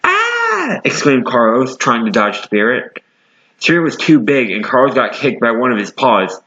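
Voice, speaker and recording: A man reads a homemade animal story aloud in a plain manner, fixing his own slips as he goes. His voice is bright and sits at a middle pitch. The recording sounds dull and lo-fi. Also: normal speed, reverberant. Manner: plain reading with self-corrections. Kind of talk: reading an original story.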